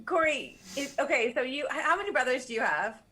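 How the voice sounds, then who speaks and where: Bright-voiced woman co-host, teasing. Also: sits high. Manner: teasing, asks quick questions, laughs often. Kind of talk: casual live-stream chat.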